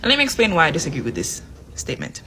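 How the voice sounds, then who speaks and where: A woman from Jamaica, giving her opinion in an animated, emphatic way. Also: deep voice, background noise. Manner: animated, emphatic, quick asides. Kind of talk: opinion commentary.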